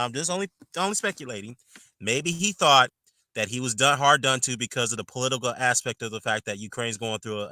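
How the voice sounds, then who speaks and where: A man talks through his boxing opinions in a loose, blunt monologue, swearing and using slang freely. His voice is very bright and cutting. It is recorded close and dry, with no room sound. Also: medium pitch, no echo. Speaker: boxing commentator.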